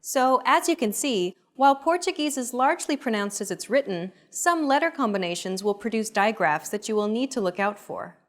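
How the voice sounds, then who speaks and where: Measured woman explaining grammar. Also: on the high side, lively intonation. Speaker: language teacher. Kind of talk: scripted grammar narration.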